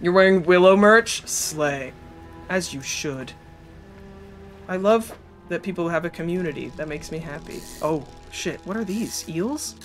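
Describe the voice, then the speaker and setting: A man streaming a game, chatting casually with his chat, excitable and profane, with a cold. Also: a little high, measured pace, soft background music. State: has a cold. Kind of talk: casual gameplay commentary.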